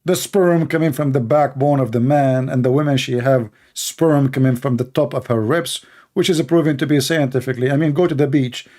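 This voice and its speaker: A call-in show host speaks briskly, his medium-pitched voice a little mellow. In a sarcastic monologue he mocks and scorns, using rhetorical questions and broken grammar.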